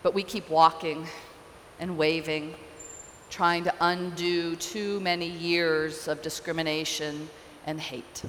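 A woman pastor preaching a sermon, telling a story in an earnest, deliberate way. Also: low-pitched, steady tone, long reverb tail, slight background noise.

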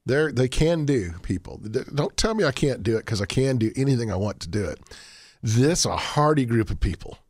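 A man's voice: mid-range voice, animated, a little fast, darkish tone, no room sound, clean studio sound. A man, a radio show guest talking in a folksy, rambling way with frequent restarts. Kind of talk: radio talk show interview.

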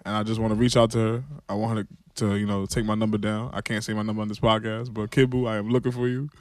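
A man's voice: lowish voice, flat delivery, quick pace, a little mellow, no echo, clean studio sound. A man hosting a podcast in casual chat, laid-back, laughing often and ribbing his co-hosts. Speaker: podcast host.

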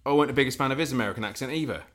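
A man co-hosting a casual sports radio chat, talking in halting, rambling restarts. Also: medium pitch, fairly bright tone. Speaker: podcast co-host.

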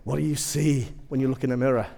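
A man's voice: medium pitch, fairly even intonation, quick pace, vocal fry, dark tone, long reverb tail. A man preaching a sermon, telling humorous personal stories with self-deprecating asides.

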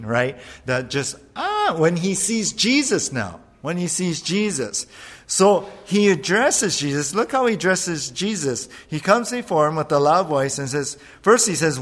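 A man preaching a sermon as pastor, animated, acting out voices as he retells a passage. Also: fairly high pitch, moderate pace. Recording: long hall reverb.

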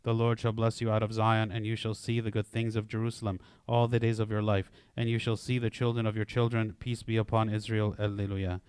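Low, flat-voiced man reciting prayers. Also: fairly quick, hardly any pauses, clean tone, no room sound, studio quality. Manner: steady, even recitation with chanted responses. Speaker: prayer leader.

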